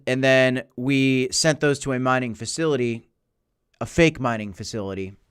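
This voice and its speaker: A man in his thirties hosting a livestream, chatting casually and answering viewer messages with animated, repetitive storytelling. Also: mid-range voice, smooth. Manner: animated storytelling with repeated phrases. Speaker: crypto livestream host. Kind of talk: casual livestream chat reading super chats.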